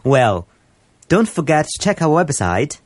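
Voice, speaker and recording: A man's voice: a little high, sing-song, measured pace, dry recording. A man co-presenting a scripted English lesson, asking curious questions about each phrase.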